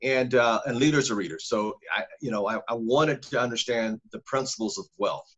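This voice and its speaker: A man from Northern California with a husky, grainy voice tells his life story as a podcast guest. He leans hard on words and repeats them for stress. The audio sounds dull and lo-fi. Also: mid-range voice, moderate pace, fairly bright tone.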